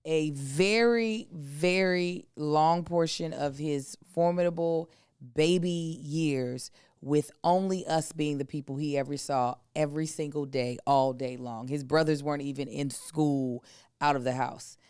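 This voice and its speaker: A woman in her thirties, co-hosting a podcast, telling a family story in a casual, animated way and acting out the other people's voices. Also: low voice, measured pace, clear, resonant tone, no room sound, clean studio sound. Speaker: podcast co-host.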